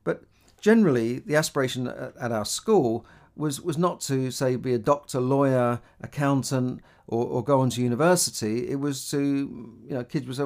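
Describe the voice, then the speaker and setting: A man's voice: medium pitch, normal speed, darkish tone. Middle-aged Cockney man giving money advice. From London, England. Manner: rambling, conversational, many fillers and restarts. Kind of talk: casual monologue.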